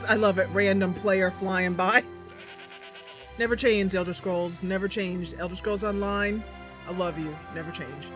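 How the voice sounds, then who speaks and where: A woman's voice: medium pitch, fairly even intonation, measured pace. A woman streamer chatting casually with viewers during a role-play game, giggly with many fillers. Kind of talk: casual live-stream chat. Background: game music.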